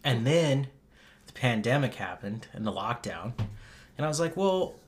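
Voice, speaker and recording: A man's voice: mid-range voice, lively intonation, moderate pace, soft background music. Guy cohost, blunt n wry, says what he thinks, regular mid voice. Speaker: podcast co-host. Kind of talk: casual chat.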